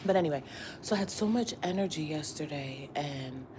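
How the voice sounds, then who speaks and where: A woman's voice: sits low, lively intonation, brisk, background noise. A woman tarot reader giving a casual morning pep talk to her viewers, slangy and profane, repeating herself for emphasis. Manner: repetitive and emphatic, often asking "you get what I'm saying?".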